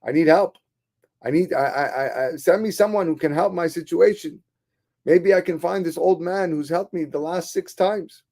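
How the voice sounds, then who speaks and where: A man voicing a poor, anxious Torah scholar who pleads in an excitable, strained voice. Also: on the high side, moderate pace, gravelly, pitched above the performer's own voice. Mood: worried.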